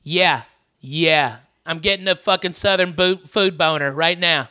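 A man's voice: fairly high pitch, a little slow, pushed and bright. A man hosting a podcast, talking in a boisterous, profane, rowdy way. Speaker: podcast host. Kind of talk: crude comedic banter.

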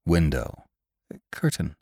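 A man's voice: a bass voice, slow pace, creaky, slightly rough, dry recording, clean studio sound, pitched below the performer's own voice, heavily acted. A male narrator voicing a cool, relentless scientific detective who fires out words sharply, in a storybook reading. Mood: probing. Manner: clipped, sharp word-firing.

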